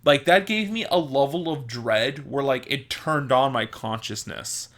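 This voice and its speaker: A young man tells stories from his childhood in a loose, unhurried monologue, full of "like" and restarts. His voice has a bright, forward tone, and he takes his time getting through each tale. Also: mid-range voice. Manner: rambling, filler-heavy, laughs at own stories. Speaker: podcast host. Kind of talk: casual storytelling monologue.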